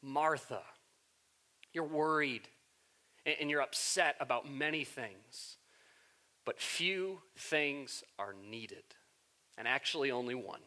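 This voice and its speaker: A man voicing a calm, gentle male teacher in a sermon retelling, speaking slowly and soothingly. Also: medium pitch, pitched below the performer's own voice, close to an everyday voice. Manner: slow, soothing.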